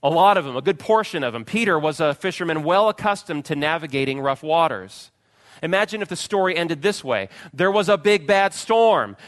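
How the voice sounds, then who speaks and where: A male preacher with a somewhat high voice delivers a sermon with a strong sense of drama. His lines rise to loud, pleading cries and then fall to near-whispered calm. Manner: dramatic, swings from loud pleading to hushed quiet. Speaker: pastor.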